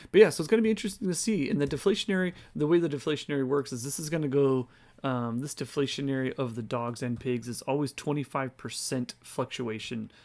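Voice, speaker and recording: A man's voice: mid-range voice, vocal fry. A man hosting a casual screen-share walkthrough, tired and yawning, rambling and thinking aloud as he reads figures off the screen. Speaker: crypto video host.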